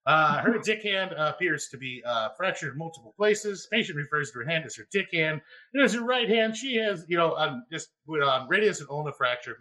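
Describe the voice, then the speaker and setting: A man spins a raucous work story in casual chat. His voice is bright and high, swinging up and down in pitch. He laughs often and shouts the quoted lines. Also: lively intonation, a little fast, few pauses, rough recording. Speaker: podcast host; former EMT.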